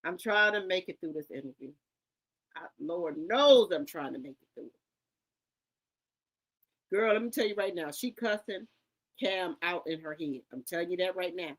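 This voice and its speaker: A woman's voice: fairly low pitch, expressive, normal speed, pauses often. A woman reacting to an interview clip with dramatic disbelief, cursing freely and talking straight to her viewers. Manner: dramatic and incredulous, jumps from shrieks to muttered sighs. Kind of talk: animated reaction commentary.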